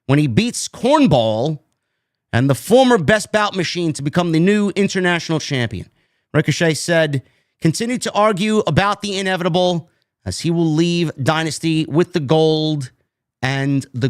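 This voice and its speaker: Host, male, higher voice, blunt and fed up, dry close mic. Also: no room sound. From New York. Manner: blunt, exasperated, swears freely. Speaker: podcast host. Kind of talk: casual wrestling review chat.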